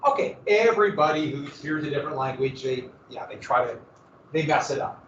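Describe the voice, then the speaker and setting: A man's voice: on the high side, lively intonation, a little fast, a bit bright, recorded from a distance, slight background noise. A man teaching a history class in a casual lecture, with joking asides and dramatic emphasis. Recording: echoey, muffled classroom recording from afar.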